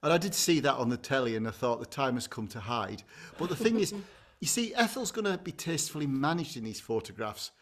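A man's voice: fairly high pitch, very animated, fast talker, fairly bright tone. Bawdy, rambling male co-host. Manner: rambling, bawdy storytelling with bursts of laughter. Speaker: podcast co-host, agony uncle. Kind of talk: casual comic chat.

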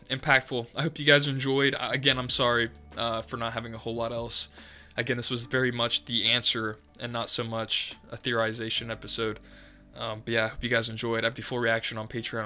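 A man's voice: mid-range voice, bright, forceful tone. Effusive young man gushing over an episode. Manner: effusive, exclaims often, rambling. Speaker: anime reaction channel host. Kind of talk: excited reaction commentary.

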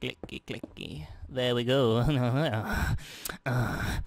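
A young man chatters through his gameplay in a medium-pitched voice, rambling and joking as he goes. He talks to himself and counts aloud, in the easy tone of a casual video. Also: steady tone, drawn-out words, a little mellow, no room sound. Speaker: gaming YouTuber.

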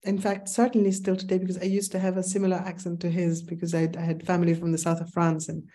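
Mellow-voiced woman lecturing with German accent. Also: lowish voice, monotone, fast. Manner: thoughtful, digressive, with frequent ums. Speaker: seminar instructor. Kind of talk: online philosophy seminar lecture.

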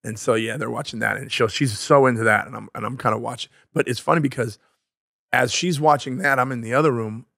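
A man's voice: medium pitch, a little fast, gravelly, a bit bright, no room sound, studio quality. An American man co-hosting a podcast, chatting casually. He rambles, loses words and pokes fun at himself. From United States. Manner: rambling, self-deprecating, searches for words. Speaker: podcast co-host. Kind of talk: casual chat.

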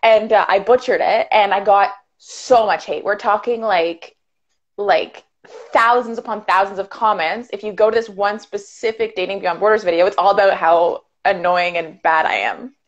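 A woman's voice: medium pitch, fairly even intonation. Chatty woman from Ottawa on a video call. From Canada, Ottawa. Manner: chatty, fast, filler-heavy with frequent "like". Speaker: YouTuber guest. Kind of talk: casual chat. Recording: dull lo-fi sound.

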